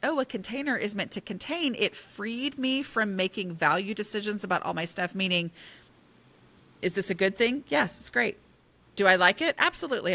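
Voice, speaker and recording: A woman talking casually in an interview, with a bright, forward voice. She speaks animatedly and pokes fun at herself, leaning hard on the words she wants to land. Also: mid-range voice. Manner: animated, self-deprecating, emphatic. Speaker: guest author on decluttering.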